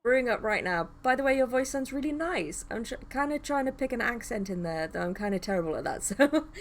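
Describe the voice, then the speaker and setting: A woman's voice: on the high side, expressive, a little fast. Woman, southern English accent with northern edge, streamer, reading visual novel aloud, rambling, laughs easily. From northern England.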